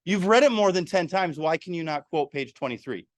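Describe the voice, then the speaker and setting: A man's voice: on the high side, fairly quick, no echo. A man presenting a public speaking workshop to a live room, quizzing the audience as he goes. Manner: animated, asks the audience questions. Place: meeting room.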